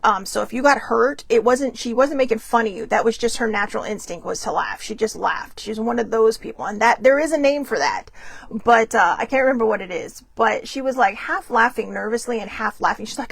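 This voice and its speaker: Chatty woman with a gravelly voice. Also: on the high side, animated, brisk, no room sound. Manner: rambling, chatty, laughs often. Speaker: host. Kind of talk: casual storytelling livestream.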